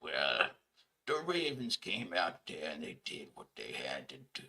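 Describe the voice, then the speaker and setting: Low, quiet male sports columnist, mumbling and half-whispered. Man's impression. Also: wildly swooping pitch, unhurried, creaky, exaggerated voice. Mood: dry. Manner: murmured delivery, grades players, mm-hmm asides.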